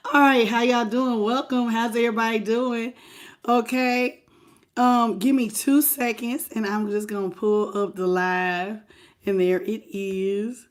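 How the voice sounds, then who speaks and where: A woman with a hoarse, laryngitis-worn voice hosting a live tarot stream, chatting casually and familiarly with viewers and calling them baby and boo. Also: a little high. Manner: unhurried and chatty, laughing often.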